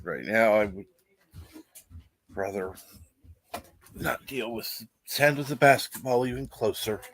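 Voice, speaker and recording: Male livestream host at home, unhurried and low-pitched, casual and a bit profane while reading chat. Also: fairly bright tone. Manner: reads viewer comments aloud and swears casually. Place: room at home.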